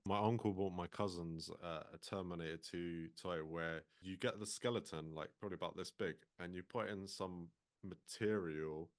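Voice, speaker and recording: Low-voiced man, relaxed. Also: normal speed, hardly any pauses. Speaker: podcast co-host. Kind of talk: casual chat.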